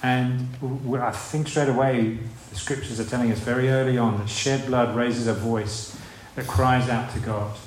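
A man's voice: mid-range voice, fairly even intonation, moderate pace, few pauses, a little hiss or hum. Man preaching in an echoey room. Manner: conversational, rhetorical questions, acts out voices. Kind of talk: sermon. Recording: echoey room with faint ambience.

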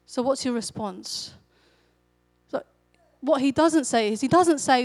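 Speaking a little slowly in a fairly high voice, a woman preaches easily and conversationally, narrating the story as if chatting. Acting out a character's lines brings an energetic lift. The sound is dry, close, and echo-free.

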